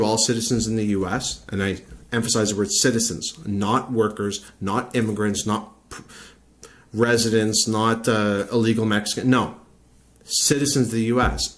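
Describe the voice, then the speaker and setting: A man from Canada delivering an opinionated video rant as a vlogger, blunt, profane and argumentative, often repeating his points. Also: lowish voice.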